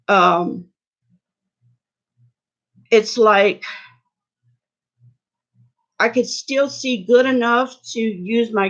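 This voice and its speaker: An older woman from Louisiana, talking candidly and haltingly to her vlog viewers. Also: medium pitch, lo-fi sound. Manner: slow, halting, candid, many restarts. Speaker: beauty vlogger. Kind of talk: personal vlog talk.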